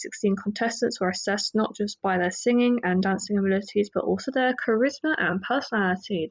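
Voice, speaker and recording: An English woman talks through her solo podcast at an unhurried pace, her voice dipping into a gravelly fry. She rambles, fills gaps with "um" and "like", and pokes fun at herself. Her pitch sits in a middle range. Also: low-quality recording. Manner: rambling, self-deprecating, many fillers. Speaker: podcast host. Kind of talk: casual solo podcast chat.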